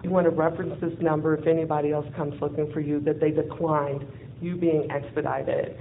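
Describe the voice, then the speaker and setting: Brief: woman storyteller, lively, acts out the dialogue, phone-like sound, faint hiss. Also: low-pitched, a little fast, creaky. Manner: lively, acts out quoted dialogue, laughs often. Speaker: speaker telling a personal story. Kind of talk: personal storytelling with a closing lesson.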